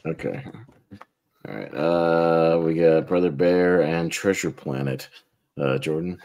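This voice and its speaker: A man's voice: extremely low pitch, slow pace, darkish tone. A man hosting a casual movie-tournament panel, blunt and profane, often laughing as he calls for votes. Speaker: podcast host running a movie tournament.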